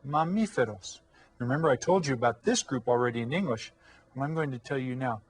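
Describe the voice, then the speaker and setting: A man teaching an elementary school video lesson, speaking in a friendly, encouraging way to young children and stretching out words slowly for them to repeat. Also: medium pitch. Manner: slow, drawn-out modeling of words for children to repeat. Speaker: Spanish teacher.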